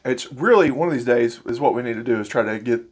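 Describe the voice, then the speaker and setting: A man from Arkansas, co-hosting a podcast in a relaxed, easygoing way, often pausing on fillers. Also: mid-range voice, breathy edge. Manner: relaxed, easygoing, quick to laugh, hesitant fillers. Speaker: podcast co-host. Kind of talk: casual chat.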